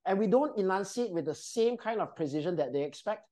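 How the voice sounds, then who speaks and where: A woman coaching voice and presentation skills guides a group through a live workshop in a training room. Her medium-pitched voice is expressive and mellow, moving a little fast, as she hands out upbeat instructions and regularly checks in.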